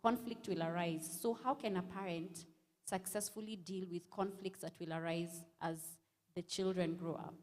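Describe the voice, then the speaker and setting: Woman panel moderator, lowish voice, easy conversational questions. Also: steady tone, normal speed, a little mellow.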